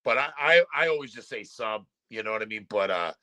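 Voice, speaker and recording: A man's voice: on the low side, lively intonation, a little fast, bright, forceful tone, no room sound. A man with a New Jersey accent who hosts a casual chat show, rambling, swearing and telling stories. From Brooklyn and New Jersey. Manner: loose, profane, rambling storyteller.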